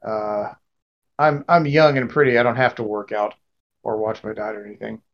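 A man's voice: fairly low pitch, steady tone, normal speed, lo-fi sound. A man playing a tabletop role-playing game, jokey and stumbling over his words. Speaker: player. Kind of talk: casual tabletop play.

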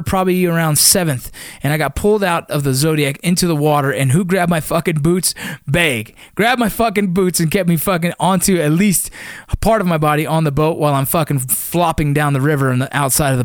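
Man, slightly high voice, dry close sound, profane, animated storytelling. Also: dry recording. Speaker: storyteller recounting army ranger training. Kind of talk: casual spoken storytelling.

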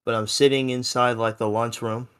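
A man's voice: medium pitch, level tone, moderate pace, a bit bright, slight background noise. A seventeen-year-old young man telling a story in a casual podcast chat, rambling and full of fillers. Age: teens. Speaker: podcast co-host.

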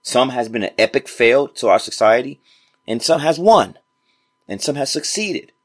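A man delivers a motivational podcast monologue in casual, informal speech. He preaches directly to his listeners and repeats phrases for emphasis. His voice sits at an ordinary middle pitch. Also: animated, normal speed. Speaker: podcast host.

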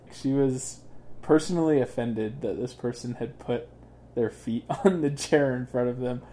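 A man's voice: medium pitch, dark tone, slight background noise. A man student talking easily about his travels, with light laughs. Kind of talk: casual interview advice.

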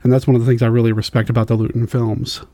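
A man's voice: mid-range voice, level tone, rapid-fire, mellow, no room sound. Regular-voiced guy chatting about old films, agreeable, lots of yeahs, dry close sound. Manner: agreeable, thoughtful, often backchannels. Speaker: podcast co-host. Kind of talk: casual film discussion.

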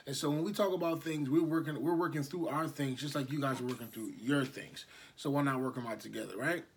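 A man in his thirties hosting a casual podcast, talking in a relaxed, halting and slangy way. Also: medium pitch, husky. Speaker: podcast host. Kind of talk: casual chat. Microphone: no proper microphone set up.

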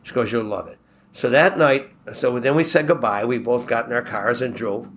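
A man from Buffalo telling a long personal anecdote in a relaxed, rambling way, acting out the quoted dialogue as he goes. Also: mid-range voice, normal speed. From Buffalo, New York. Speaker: guest telling a personal story.

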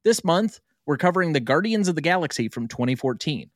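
A man hosting a casual movie podcast, briskly running the segments and breaks. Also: a little high, sing-song, dry recording, studio quality. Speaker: podcast host.

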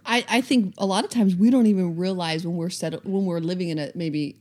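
Lowish-voiced woman chatting casually. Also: fairly even intonation, a little fast, warm tone. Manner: chiming in with short supportive remarks. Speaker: podcast co-host. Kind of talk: casual chat.

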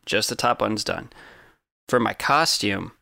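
A man with a gravelly voice, joking his way through a tabletop game. His playful talk is recorded dry and close. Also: fairly low pitch, measured pace, sharp tone, dry recording. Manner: goofy, playful. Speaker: player. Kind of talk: casual tabletop play.

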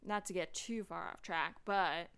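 A young woman hosting a podcast, chatting casually with lots of fillers and quick laughs. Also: lowish voice, a bit bright, clean tone. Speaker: podcast host. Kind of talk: casual chat.

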